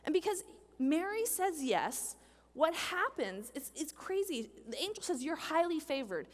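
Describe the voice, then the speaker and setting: A high, animated woman preaches in a church hall, and the long hall reverb trails her words. She acts out the people in the story as she goes, and her pitch climbs and falls widely. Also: unhurried. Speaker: pastor. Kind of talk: sermon.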